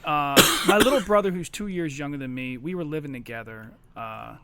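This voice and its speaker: A man's voice: on the high side, brisk, heavy background noise. A man, co-hosting a podcast, telling wild stories in a rambling, profane, laughing way. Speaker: podcast co-host. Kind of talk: casual storytelling chat.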